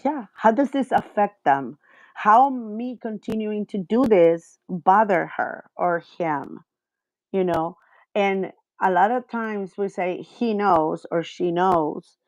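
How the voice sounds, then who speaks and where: Woman rambling thru a story, lots of ums, gets animated, muffled lo-fi audio. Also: medium pitch, takes it slowly, no room sound. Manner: rambling with many fillers, animated when retelling. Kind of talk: casual chat, storytelling.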